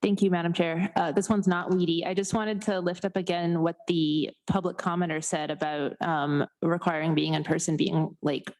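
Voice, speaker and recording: A woman's voice: lowish voice, steady tone, moderate pace, hardly any pauses, darkish tone. A young woman legislator asking questions in a meeting, chatty and hesitant, full of fillers. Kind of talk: meeting discussion. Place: council chamber.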